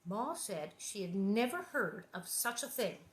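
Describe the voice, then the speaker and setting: Wry, animated woman in her sixties reading aloud. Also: mid-range voice, a little slow. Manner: animated, wry, laughing asides. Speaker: reader and host. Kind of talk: storybook reading with chatty asides. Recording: roomy echo.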